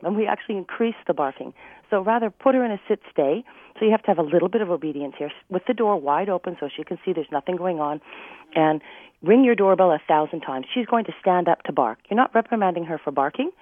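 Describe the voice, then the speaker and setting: A woman dog trainer giving advice on a radio call-in show, talking energetically and slipping into quick acted voices. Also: lowish voice, dry recording. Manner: energetic, acts out owners and dogs in quick voices. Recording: dry phone-line sound.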